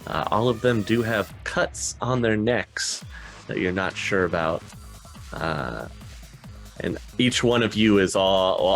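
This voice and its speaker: A man narrating as game master of a tabletop role-playing game, relaxed and unhurried with frequent fillers. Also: low voice.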